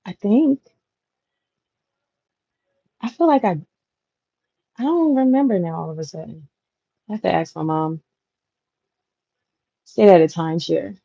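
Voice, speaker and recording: A woman's voice: lowish voice, lively intonation, measured pace, vocal fry, pauses often, warm tone, husky, no echo. Casting: young woman, laughing livestream host, dull dry home mic audio. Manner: chatty, laughs often, talks to viewers directly. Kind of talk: casual live chat reading comments.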